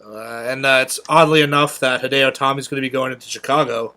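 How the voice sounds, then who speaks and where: A man's voice: medium pitch, steady tone, fast, sharp tone. A young man co-hosting a podcast, talking enthusiastically with many ums and uhs. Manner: enthusiastic, lots of filler words. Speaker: podcast co-host. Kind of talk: casual podcast chat.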